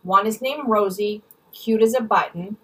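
A woman vents in a storytime vlog, cursing and mocking the people in her story. Her voice is bright and husky, and a little high. She sits a bit back from the mic. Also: normal speed, far from the mic, poor audio. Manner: angry, blunt, swears freely, mimics people in quotes. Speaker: vlogger.

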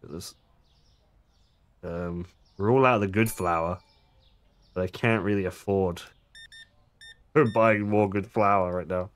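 A man's voice: deep voice, steady tone, takes it slowly, pauses often, slight background noise. A man casually commenting on his gameplay, chatty and jokey, swearing now and then and making asides to his viewers. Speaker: gaming streamer.

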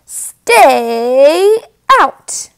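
A woman voicing a playful, boastful farm pig who keeps the mud to himself, in a squealy, excited voice. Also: high-pitched, drawn-out words, no echo, studio quality, heavily acted. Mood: gleeful.

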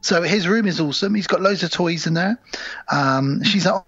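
A man's voice: high voice, normal speed, a bit bright, breathy edge, no room sound. A man co-hosting a podcast, casually recapping a film with laughs and quoted voices. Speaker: podcast co-host. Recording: dull lo-fi podcast audio.

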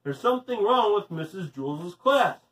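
A man voicing a young schoolgirl who pleads and shouts, upset that nobody sees her. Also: sits high, animated, moderate pace. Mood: pleading. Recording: roomy, distant mic.

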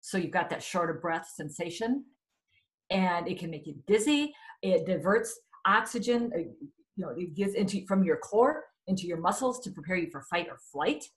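Woman, lowish voice, earnest, explanatory, webinar guest. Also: animated, moderate pace, poor audio. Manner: earnest, explanatory, self-correcting. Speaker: anxiety expert guest. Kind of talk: webinar conversation.

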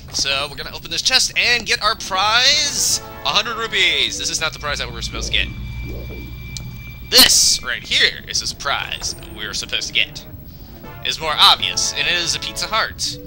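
A man's voice: on the high side, rough recording. A man giving casual, rambling commentary while playing a video game, talking back to the game when things go wrong. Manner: rambling, excitable, scolds the game aloud. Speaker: let's play commentator. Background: game music.

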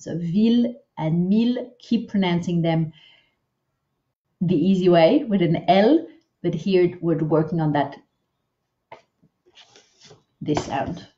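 A woman teaching French pronunciation speaks at an unhurried, deliberate pace in a low, mellow voice. She patiently models each word and repeats it, slipping in chatty asides between examples. The laptop recording sounds a little dull and lo-fi. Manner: patient, models words slowly and repeats them. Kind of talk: online pronunciation lesson.

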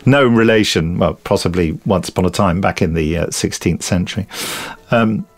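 Animated man telling stories. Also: low voice, moderate pace. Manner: animated storyteller, laughs often, acts out quotes. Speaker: podcast co-host. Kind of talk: casual chat.

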